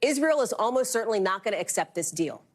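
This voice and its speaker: A woman anchoring live cable news, moving through headlines with brisk, emphatic delivery. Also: mid-range voice, sing-song.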